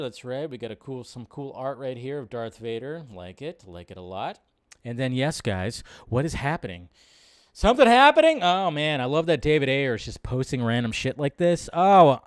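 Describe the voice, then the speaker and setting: A man hosting a live stream, chatting casually and excitedly with lots of fillers and swearing. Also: fairly high pitch, dry recording, clean studio sound. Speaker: host.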